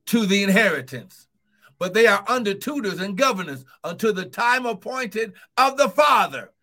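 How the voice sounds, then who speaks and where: A man preaching a sermon to an online audience, fervent and breaking into shouts, calling out repeated encouragements. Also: high voice, animated, moderate pace. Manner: fervent, bursts into shouts of "woo, glory"; calls out repeated encouragements to listeners. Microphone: streaming live to online viewers.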